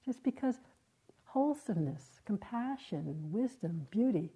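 A woman meditation teacher giving a dharma talk in a gentle, reflective way, with halting, searching phrases. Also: mid-range voice, lively intonation, breathy edge, poor audio. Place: meditation hall.

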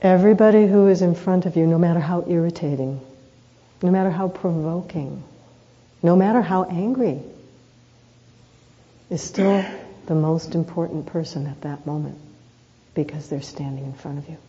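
A woman meditation teacher gives a reflective dharma talk, sharing personal stories earnestly and without hurry while posing rhetorical questions. Her voice is lowish and dark-toned, and the high frequencies are cut off.

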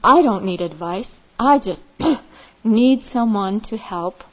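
A woman's voice: mid-range voice, big pitch swings, normal speed, creaky, dull audio. A woman voicing a brave, stubborn little male parrot in a fable, who speaks defiantly and coughs from smoke.

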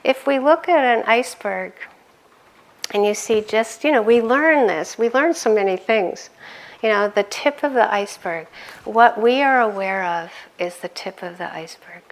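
A middle-aged woman giving a conversational dharma talk as a meditation teacher, laughing often and growing animated in her stories. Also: mid-range voice, normal speed.

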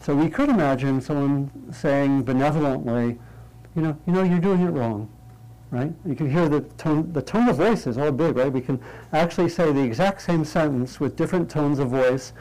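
A man leading a meditation class in an interactive talk, lighthearted and checking in with the group, thinking aloud through pauses and restarts. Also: a little high, darkish tone, rough recording. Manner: light, humorous, often checks in with "right?". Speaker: meditation teacher.

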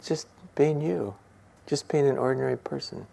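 Older man, gravelly voice, gentle musing dharma talk, chuckles often. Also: medium pitch, measured pace, long pauses. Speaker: meditation teacher.

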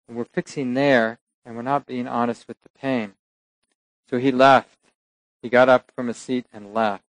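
A man teaching at a meditation center in a relaxed, reflective storytelling voice, pausing now and then to rephrase. His voice sits in an ordinary middle pitch. It is recorded close and dry, with no room echo. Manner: unhurried, reflective, with occasional laughs and self-corrections. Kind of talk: dharma talk with storytelling.

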